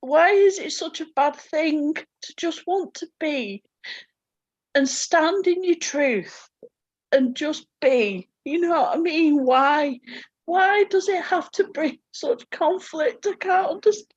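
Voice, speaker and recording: In a spiritual group call, a woman shares candidly and tearfully, swearing freely as she opens up emotionally. Her voice is extremely high with lively intonation, she speaks slowly, and the audio is dry and muffled.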